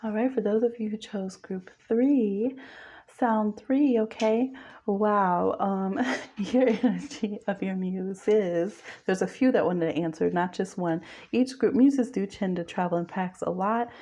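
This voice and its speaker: A woman giving a casual spoken tarot reading, chatty and quick, who laughs often. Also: mid-range voice, warm tone. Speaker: tarot reader.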